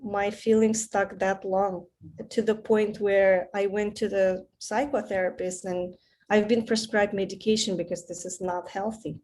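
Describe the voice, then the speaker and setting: Woman participant, mother, candid animated storyteller, dark mellow tone. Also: mid-range voice, a little slow, slight background noise. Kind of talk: casual chat.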